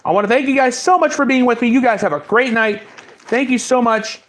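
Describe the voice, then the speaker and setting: Man, very high voice, fiery taunting sports talk, solo podcast host. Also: a little fast, fairly bright tone.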